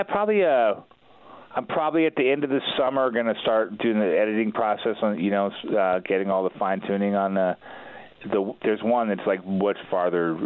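A man's voice: fairly low pitch, smooth. A man talking as a podcast guest in a casual chat, laid-back and rambling, with plenty of fillers and restarts. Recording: thin phone-like line.

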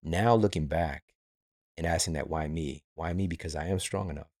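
A man's voice: rumbling low, normal speed, a little mellow, no echo, clean studio sound. A man hosting a podcast, speaking earnestly and reflectively about his own life. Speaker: podcast host. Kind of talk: podcast conversation.

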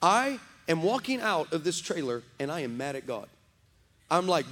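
Animated high-voiced preacher in echoing church. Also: male voice, moderate pace. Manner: animated, shouting at peaks, comic asides. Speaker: pastor. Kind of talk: energetic storytelling sermon. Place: large church sanctuary. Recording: long church hall reverb.

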